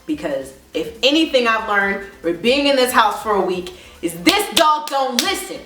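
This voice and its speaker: A woman vlogger telling a story in a casual, animated way, laughing often. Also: fairly high pitch, normal speed. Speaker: beauty vlogger. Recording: roomy echo, faint music.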